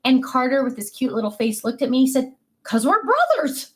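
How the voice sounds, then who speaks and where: A woman's voice: sits high, fairly even intonation, quick pace, darkish tone. An older woman, a grandmother, chatting casually and telling family stories with many fillers and restarts. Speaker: craft vlogger. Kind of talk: casual chat.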